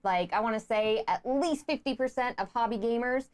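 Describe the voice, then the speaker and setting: Emphatic, higher-voiced woman co-host. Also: normal speed, a little mellow. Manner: enthusiastic, emphatic. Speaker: board game show co-host. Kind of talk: casual chat.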